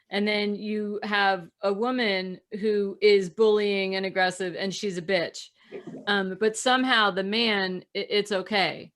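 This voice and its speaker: A woman's voice: mid-range voice, fairly bright tone. Woman host, thoughtful, trailing off. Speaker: podcast host and relationship coach. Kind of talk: casual podcast conversation.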